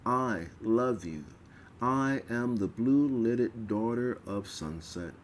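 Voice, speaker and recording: Male reader, unhurried ritual-text reading, faint hiss behind. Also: medium pitch, lively intonation. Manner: slow, measured reading with stumbles.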